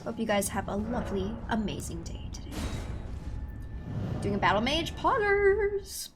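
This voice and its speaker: A young woman streams a video game and chats casually with her audience, giggly and quick to laugh at herself. Her voice is medium in pitch at a normal speed, with game music behind her.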